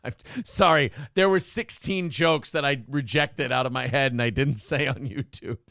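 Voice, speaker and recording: Gravelly, profane male show host. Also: medium pitch, moderate pace, a bit bright, no room sound, studio quality. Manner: profane, storytelling, laughs often. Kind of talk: casual chat.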